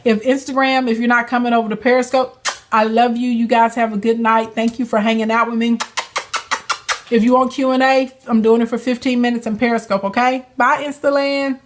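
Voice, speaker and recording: A young woman with a slightly high voice talks to her viewers on a phone livestream. She is sassy and chatty, coaching them with plenty of laughs. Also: flat delivery, brisk. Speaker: livestream host and business coach. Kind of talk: casual livestream chat with viewers.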